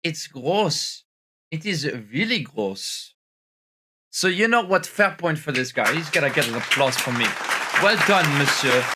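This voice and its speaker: Doing comedic reactions on stream, a young man puts on a French accent that keeps slipping into American. His slightly high voice is bright, husky and forceful, expressive but unhurried, and his tired, exaggerated delivery is full of stammered restarts and crude asides, with a faint crowd behind him.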